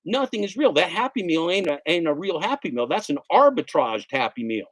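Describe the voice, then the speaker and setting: A man's voice: fairly high pitch, sing-song, fairly quick, no room sound. A middle-aged man ranting in a casual livestream, emphatic and sarcastic, repeating his points. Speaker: gig delivery driver streamer.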